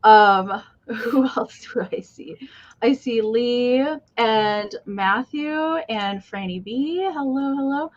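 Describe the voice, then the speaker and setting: A woman with a fairly high voice hosts a live online sale in casual, chatty talk. She greets viewers one by one. The audio is dull and lo-fi, like a muffled livestream. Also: takes it slowly.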